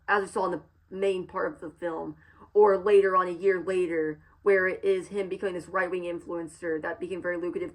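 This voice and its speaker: A woman's voice: lowish voice, poor audio. A woman giving a casual film analysis, talking in a thoughtful way with frequent restarts and fillers. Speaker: film reviewer.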